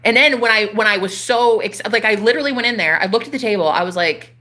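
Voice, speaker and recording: A woman in her thirties, a spiritual coach, telling a personal story to her viewers in an animated, casual way, swearing freely. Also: a little high, brisk, hardly any pauses. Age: 30s.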